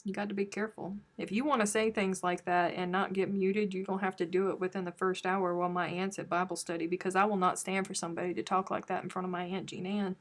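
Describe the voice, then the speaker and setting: A woman's voice: mid-range voice, little pitch movement, fast, hardly any pauses. Lady chatting on her crochet livestream, teasing and sarcastic, home mic. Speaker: crochet live stream host. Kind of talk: casual chat reading viewer comments.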